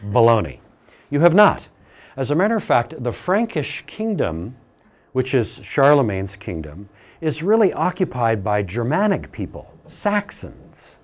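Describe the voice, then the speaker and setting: A middle-aged man giving a classroom lecture, animated and teasing, asking the class questions as he goes. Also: medium pitch, measured pace.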